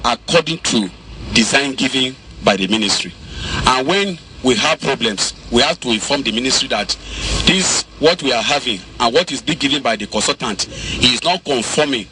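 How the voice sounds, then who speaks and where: A man answering questions as a road contractor, halting and restarting his words often. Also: medium pitch, expressive. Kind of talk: on-site press questioning. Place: outdoors beside a busy road. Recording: outdoor recording with loud traffic noise.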